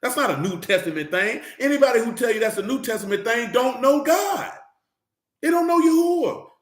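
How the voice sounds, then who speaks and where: A man's voice: very high-pitched, animated, a little fast. Fiery slangy male preacher in an echoey room. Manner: slangy, fiery, rhetorical, repeating questions. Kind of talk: informal sermon and Bible teaching.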